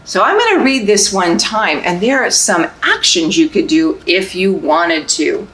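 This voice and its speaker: A young woman, a librarian, reading a picture book aloud and singing nursery songs for babies, in a sing-song, animated way. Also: fairly low pitch, unhurried, hardly any pauses, reverberant, rough recording. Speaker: children's librarian hosting baby story time.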